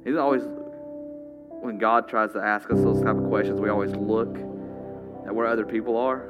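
A man preaching a sermon dramatically, rising loud and then dropping to a hush. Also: lowish voice, fairly even intonation, moderate pace, pauses often, dull audio, over loud music. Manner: dramatic, swinging from loud to hushed.

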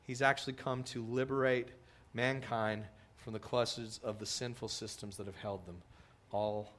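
A middle-aged man preaching a sermon as a pastor, animated, acting out quotes with big swings in pitch and loudness. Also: normal speed.

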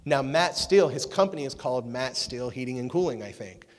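A man preaching to a youth group, energetic and jokey, chatting with the crowd. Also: medium pitch, quick pace. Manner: energetic, jokey, talks with the audience. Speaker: youth pastor. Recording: long reverb of a hall.

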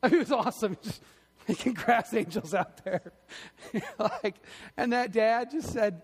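High-voiced, animated male preacher. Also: measured pace, in a large hall. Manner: animated storytelling, emphatic, acts out quotes. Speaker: pastor. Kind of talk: sermon.

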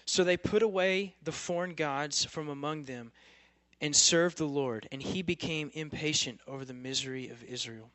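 A young man delivers a sermon in a casual, emphatic style, pressing his listeners with rhetorical questions. His voice sits a little high for a man, and the sound is close and dry with no room echo. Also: moderate pace, fairly bright tone. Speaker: campus preacher.

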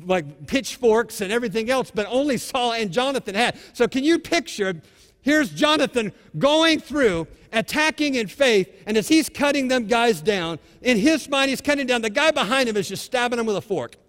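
A male pastor preaching a sermon in an animated, exhorting way, acting out scripture scenes as he goes. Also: very high-pitched, normal speed, long reverb tail.

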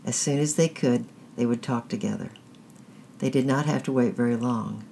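A measured storyteller reads a children's tale aloud. The voice sits in a middle pitch with a gravelly grain. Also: dark tone, slight background noise. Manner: measured, deliberate reading. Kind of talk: scripted narration of a children's story.

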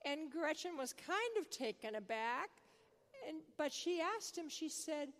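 An older woman preaching a sermon, telling a family story in a conversational, animated way. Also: high-pitched, a little slow. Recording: long reverb of a large hall.

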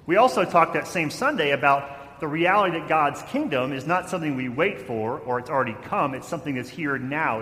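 A male pastor delivering a sermon in a church, his voice ringing through a long, echoey hall. He tells stories, now louder, now quieter, and acts out the lines of people in them. A faint noise sits under the room. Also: mid-range voice. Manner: storytelling with shifts in loudness, acting out quotes.

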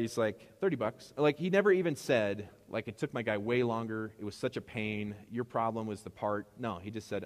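Casual pastor with a low voice in a reverberant hall. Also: male voice, brisk, few pauses. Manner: casual storytelling, acts out dialogue. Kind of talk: sermon with personal stories.

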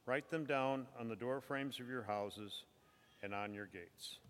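Guy reading scripture in church, slow and solemn, lots of hall echo. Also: mid-range voice, a bit bright, clear, resonant tone. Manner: measured, solemn. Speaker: scripture reader. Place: church sanctuary. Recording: long hall reverb.

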